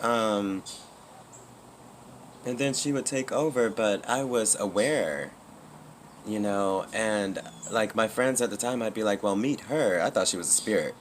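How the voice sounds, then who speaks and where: Male vlogger, deep low voice, casual and rambling, faint AC hum behind. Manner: rambling, candid, many fillers and restarts. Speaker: YouTuber. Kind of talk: casual personal vlog.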